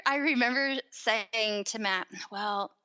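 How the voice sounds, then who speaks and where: A woman in her thirties, appearing as a podcast guest, tells a personal story in casual conversation, animated and acting out the voices she quotes. She speaks slowly in a higher register, and the sound is lo-fi.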